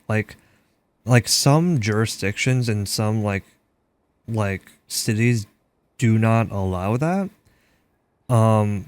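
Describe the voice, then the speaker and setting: A young gaming streamer from Minnesota chats casually while he plays, rambling and saying "like" constantly. His voice is medium-pitched with a clean tone.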